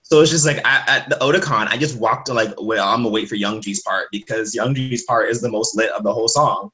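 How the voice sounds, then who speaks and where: A young man hosting a casual chat, rambling and laughing with animated retold quotes. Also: on the low side, quick pace, poor audio. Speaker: host.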